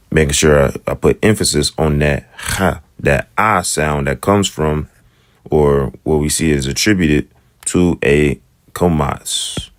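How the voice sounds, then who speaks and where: A man teaching Hebrew letters in a casual lesson, thinking aloud and repeating sounds slowly. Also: a bass voice, no echo, clean studio sound. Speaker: self-taught Hebrew teacher. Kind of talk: casual screen-share lesson.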